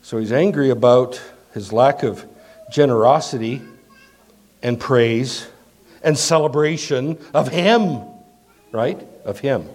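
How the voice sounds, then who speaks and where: A man preaching a sermon as pastor, asking the congregation rhetorical questions and swinging between emphatic lines and hushed asides. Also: mid-range voice, takes it slowly, pauses often.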